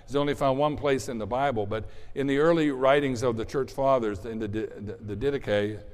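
A man's voice: mid-range voice, moderate pace, a little mellow. A man in his sixties preaching a sermon as a pastor, in a conversational way, often repeating words and chuckling. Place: church sanctuary. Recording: reverberant hall.

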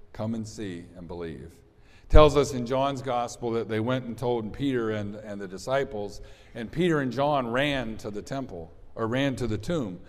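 A man's voice: mid-range voice, a little mellow. A man preaching an Easter sermon as pastor, conversational and rambling, with restarts and asides to the congregation. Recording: long hall reverb.

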